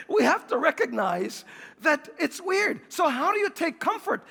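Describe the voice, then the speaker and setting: A man with a New York accent preaches a sermon in a large hall, and his voice carries a long reverb. He sits high and a little gravelly for a man. He jokes and acts out everyday scenes, then slows down and softens for scripture. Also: big pitch swings. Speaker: pastor.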